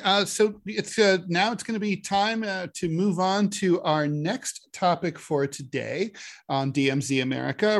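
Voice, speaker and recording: A man co-hosting a political talk podcast in a casual, sardonic way. His voice sits a little high for a man, and his jokes land deadpan. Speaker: podcast co-host.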